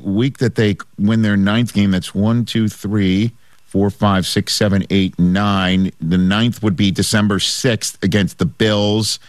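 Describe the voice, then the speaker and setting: A man hosting a call-in sports radio show, running through a team's schedule with a caller in a brisk, playful, ribbing way. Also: fairly low pitch, dry recording. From New York area.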